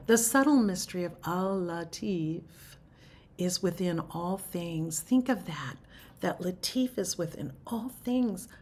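A woman giving an unhurried, meditative spiritual talk, musing aloud and often dropping to a hushed near-whisper. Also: on the low side, animated. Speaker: spiritual teacher.

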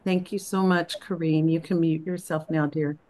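A woman leading a group practice on a video call, speaking in a gentle, unhurried and encouraging way. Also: low-pitched, fairly even intonation. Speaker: spiritual practice leader. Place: Florida.

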